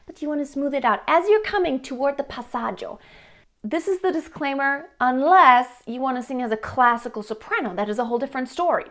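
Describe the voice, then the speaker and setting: A woman vocal coach with a high, light speaking voice, giving a singing lesson. She explains each point plainly and steps into quick sung examples to show what she means. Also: fairly bright tone.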